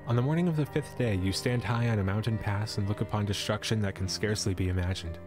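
Man reading a storybook aloud on stream. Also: on the low side. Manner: playful asides and laughs between narration.

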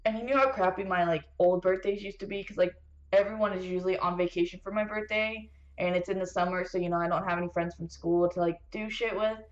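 A young woman telling a rambling, swear-heavy story while playing a video game, venting in an animated way. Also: on the low side, fast talker, muffled recording. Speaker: gaming streamer. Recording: roomy echo, faint background noise.

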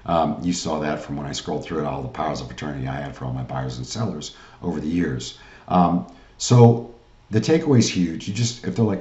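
A man's voice: very deep voice, fairly quick, warm tone, echoey room, dull audio. A man giving a sales training lecture in a pushy pep-talk manner, often asking "right?" and calling the audience "guys.".

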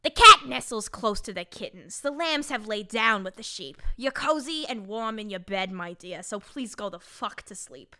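A woman voicing an exasperated adult who loudly reads a cursing bedtime story in a mock-stern way. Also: mid-range voice, expressive, normal speed, hardly any pauses, no room sound, studio quality. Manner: loud, mock-stern reading aloud. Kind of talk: comic bedtime story reading.

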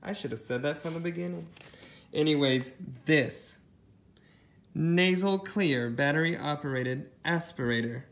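A man's voice: fairly high pitch, normal speed, gravelly, fairly bright tone. A man casually chatting as he shows off a thrift haul, rambling with lots of ums and side comments. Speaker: thrift reseller showing a haul. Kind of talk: casual haul vlog chat.

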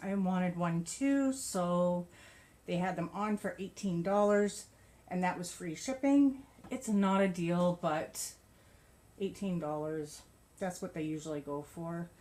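Slow, gushing woman crochet vlogger. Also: on the low side, darkish tone. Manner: chatty, gushing, laughs often. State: a bit out of breath. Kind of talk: casual show-and-tell chat.

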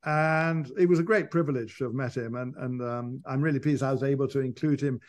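A man's voice: medium pitch, brisk. A man, a biographer guesting on an interview and telling long, digressive stories with frequent restarts. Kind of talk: conversational interview.

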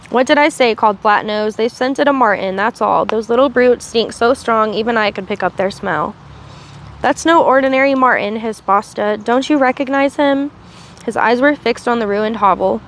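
Woman reading a novel aloud, faint traffic. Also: fairly high pitch. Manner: reads with small slips and restarts, asides in between. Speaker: reader.

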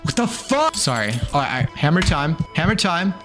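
A man's voice: fairly high pitch, big pitch swings, moderate pace. A young man giving frantic, self-mocking commentary while playing a video game, swearing now and then. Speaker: gaming streamer. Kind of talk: gameplay commentary. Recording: music playing behind the voice. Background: background music.

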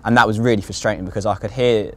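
A man's voice: lowish voice, fairly even intonation, fast. A young man tells his own story casually in a documentary, with lots of fillers and swearing. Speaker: interviewee recounting his own psychosis. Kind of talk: candid documentary testimony.

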